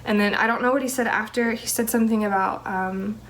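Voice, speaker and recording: A woman's voice: a little high, steady tone, fairly quick, a little hiss or hum, rough recording. A young woman telling an earnest personal testimony about her calling, with many fillers and restarts. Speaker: teacher sharing a ministry calling testimony.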